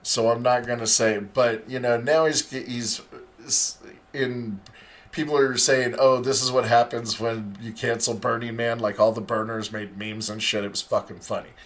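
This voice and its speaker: A man's voice: medium pitch, steady tone, normal speed. A middle-aged man hosting a podcast, telling a rambling, profane story in a casual monologue.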